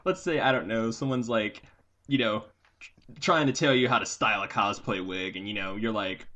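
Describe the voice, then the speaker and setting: Bright-voiced young man, laid-back chat. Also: lowish voice, normal speed. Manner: relaxed, laughing storyteller. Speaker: podcast co-host. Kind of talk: casual chat.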